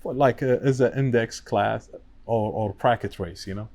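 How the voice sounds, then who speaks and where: On a podcast, a guest who runs a wiring business talks casually in broken English, his second language, saying "you know" a lot and chatting freely. He has a medium-pitched, darkish voice at a normal speed.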